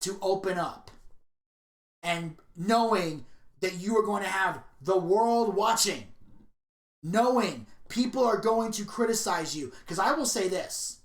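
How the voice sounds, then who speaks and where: A man's voice: high voice, measured pace. Opinionated man telling stories in an echoey room. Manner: opinionated, animated storytelling. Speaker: podcast co-host. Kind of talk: casual podcast review chat.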